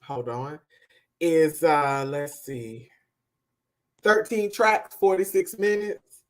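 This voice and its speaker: A woman co-hosting a podcast, giving a casual, emphatic music review that trails off softly at the ends of thoughts. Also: deep voice, slow pace. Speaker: podcast co-host.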